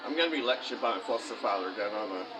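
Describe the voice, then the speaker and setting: A man reading his own dark poetry, then chatting in a rambling, apologetic way, talking with his mouth full at a fast-food restaurant. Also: on the low side, lively intonation, background noise. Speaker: vlogger and self-published poet. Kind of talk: poetry reading then casual vlog chat.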